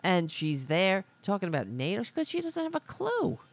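A woman's voice: mid-range voice, huge pitch swings, normal speed. A woman hosting a casual political livestream, ranting in an angry, profane and sarcastic way. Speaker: host.

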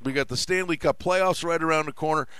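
Chatty higher-voiced sports radio host. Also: male voice, a little fast, fairly bright tone, clear, resonant tone, dry recording. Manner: chatty, trails off and restarts. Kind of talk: casual sports betting talk.

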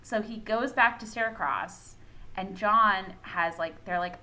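A young woman co-hosting a podcast, retelling a story excitedly with lots of fillers and swearing. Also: medium pitch, slow, low-quality recording. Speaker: podcast co-host. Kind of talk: casual fandom chat.

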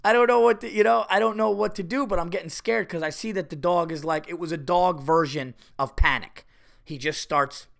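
A middle-aged man hosting a podcast, telling stories in a casual, animated way while fighting off a cold. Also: high voice, brisk, gravelly. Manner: animated storytelling, exaggerated retelling. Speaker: podcast host.

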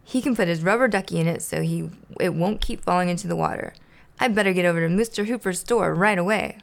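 Woman voicing a fussy, proper puppet roommate, earnest and formal, a little gravelly, storybook read-aloud. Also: on the low side, fast. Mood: fretful.

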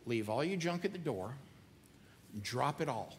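Earnest preacher in a reverberant hall. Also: male voice, mid-range voice, sing-song, unhurried, long pauses, slight background noise. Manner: earnest, conversational preaching with repetition. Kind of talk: sermon.

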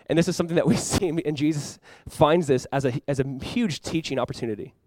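A young adult man preaching a sermon as pastor, animated and acting out playful voices for the disciples. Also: on the high side, fast talker, a little hiss or hum.

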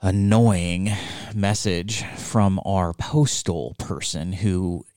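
A man with a low voice tells a story in a casual chat. He acts out each quote with energy. The sound is close and dry, with no room echo. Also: extremely slow, a little mellow, smooth.

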